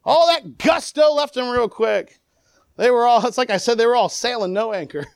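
A preacher giving an animated sermon, acting out the people in the story and swinging between loud and quiet. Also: mid-range voice, moderate pace, clean tone, dry recording. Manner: animated, acts out the people it quotes.

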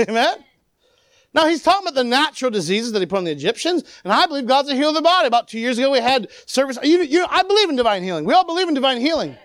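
A high-pitched preacher whose voice leaps up and down through an animated sermon. The delivery swings from loud calls to quiet asides and acts out the people in the story. The sound is close and dry, with no room echo. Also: racing.

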